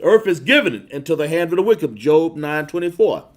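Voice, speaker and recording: Man preacher on a phone stream, slightly high, lively swings, emphatic and drawn out. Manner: emphatic, drawn-out stresses, chats with viewers between verses. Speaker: livestream preacher. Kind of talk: sermon with scripture reading.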